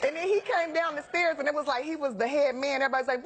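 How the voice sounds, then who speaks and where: A woman telling a comic story in casual chat, animated and laughing, acting out the people in it. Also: fast, few pauses, crowd noise, noisy background. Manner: animated, laughing, high-energy, acts out voices. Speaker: storyteller guest.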